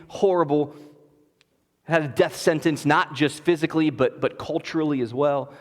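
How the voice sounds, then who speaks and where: A man, a pastor, preaching a sermon in an earnest, conversational way in a church sanctuary. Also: on the high side. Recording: long church reverb.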